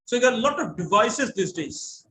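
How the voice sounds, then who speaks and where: Indian English male lecturer, higher voice, patient explainer, faint background noise. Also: expressive, normal speed, bright, forceful tone, rough recording. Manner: explanatory, spells words out letter by letter. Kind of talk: online lecture to students.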